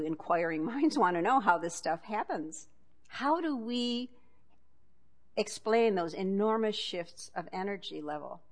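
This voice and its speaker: A woman with a slightly low voice gives a relaxed, conversational talk. She reads from a book and breaks off for dry, chuckling asides. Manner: wry asides with frequent chuckles. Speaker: speaker giving a talk.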